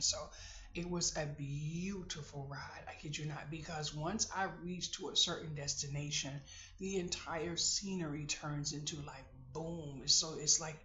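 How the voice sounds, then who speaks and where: A woman vlogger tells a personal story in a casual, animated way, exclaiming and laughing as she goes. Her voice is bright and forceful. The recording sounds roomy and a little dull. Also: deep voice.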